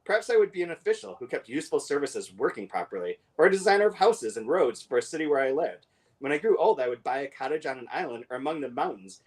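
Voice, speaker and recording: A man co-hosting a casual book discussion, talking with many fillers and restarts and reading passages aloud quickly. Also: on the high side, big pitch swings, darkish tone, slightly rough. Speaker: podcast co-host.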